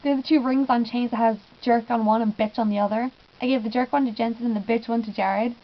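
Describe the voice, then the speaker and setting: A woman's voice: on the high side, steady tone, fast, muffled recording. A young woman telling a giggly, gushing story in a casual vlog, often acting out what she said. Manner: gushing, giggly, lots of "I was just like". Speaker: fan vlogger.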